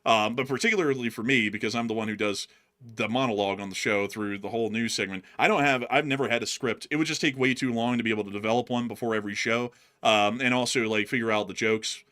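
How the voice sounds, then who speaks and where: A man co-hosting a live news stream, chatting casually and laughing easily. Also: mid-range voice. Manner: quick, animated, laughs easily. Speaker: co-host. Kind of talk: casual livestream chat.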